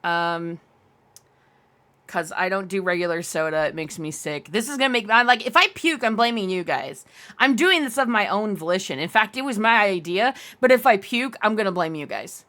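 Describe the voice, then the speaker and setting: A woman's voice: medium pitch, expressive, normal speed, a bit bright. A young adult woman live-streaming, chatting casually with her viewers in a giggly, rambling way and answering chat aloud.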